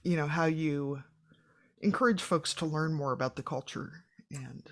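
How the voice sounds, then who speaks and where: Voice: medium pitch, moderate pace. A podcast host in casual interview chat, asking thoughtful, conversational questions.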